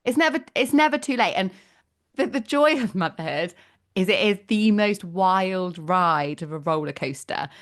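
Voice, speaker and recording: A woman's voice: medium pitch, animated, normal speed. A woman hosting a podcast, talking in a reflective, reassuring way. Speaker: podcast host, midwife. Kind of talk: casual chat.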